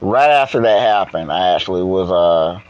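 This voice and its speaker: Man, podcast host, tired and rambling, halting talk, somewhat low voice. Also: expressive, no room sound, lo-fi sound. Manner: rambling, halting, many restarts. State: tired, yawning. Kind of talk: casual solo podcast talk.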